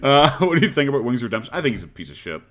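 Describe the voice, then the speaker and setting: A man's voice: mid-range voice, sing-song, very fast, a bit bright. A young man from Northern Ireland, a live streamer chatting casually with viewers in a rambling, blunt, profane way with frequent chuckles.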